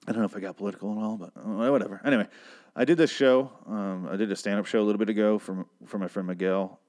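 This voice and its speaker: A man's voice: on the low side, fairly even intonation, quick pace, a little mellow. A man from Michigan hosting a podcast, ranting in a rambling, sarcastic and profane casual monologue. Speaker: podcast host.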